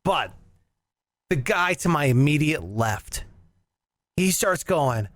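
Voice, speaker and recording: A man hosting a casual chat show, telling an animated story with lots of laughter and acted-out voices. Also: a little high, takes it slowly, no echo, studio quality. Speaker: podcast host.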